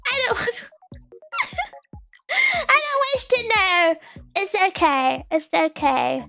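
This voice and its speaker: A woman's voice: very high-pitched, bright, forceful tone. A woman streamer chatting casually and reading viewer comments, giggly and playful with sudden squeals.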